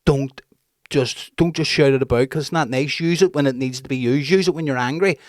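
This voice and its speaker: A man in his thirties chats on a podcast, swearing freely as he tells stories about his kids. His voice sits at an ordinary pitch for a man. The recording is dry and close. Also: a little fast, dry recording. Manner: swears freely, animated storytelling. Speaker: podcast co-host. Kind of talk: casual chat.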